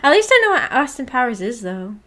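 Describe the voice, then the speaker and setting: A woman's voice: a little high, sing-song, fairly quick, bright, forceful tone. A woman streamer chatting casually with her live viewers, rambling and giggling as she reads chat aloud. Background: faint background music.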